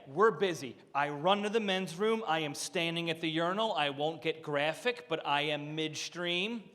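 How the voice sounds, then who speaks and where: A male comedian working a live set, his voice high and bright with a sharp edge. He spins stories with punchy asides and acts out the people in them, and the sound rings out in a reverberant room. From Philadelphia area. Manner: storytelling with punchy asides, acting out quotes. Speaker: stand-up comedian. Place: country club room, live audience.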